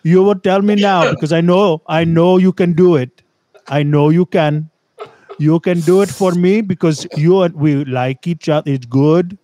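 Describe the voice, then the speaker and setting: Man doing a put-on indian accent, wheedling, repetitive, broken grammar, fairly high voice. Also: fairly even intonation, normal speed, warm tone, no room sound, lightly acted.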